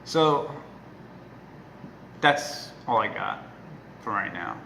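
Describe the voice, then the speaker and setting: Gravelly, forceful man, earnest and emphatic. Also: fairly low pitch, lively intonation, very slow. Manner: earnest and emphatic, often checking in with "right?". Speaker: dog trainer. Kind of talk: casual talk to camera. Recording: echoey room with faint noise.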